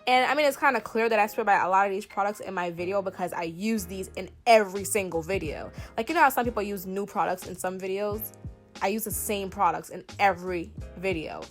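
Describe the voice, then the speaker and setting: A woman's voice: medium pitch, fairly quick, faint music behind. A woman in her twenties with a Southern US country accent, chatting through a hair tutorial in a playful, emphatic way with lots of fillers. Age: 20s. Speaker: beauty vlogger. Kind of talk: hair tutorial, casual chat to camera.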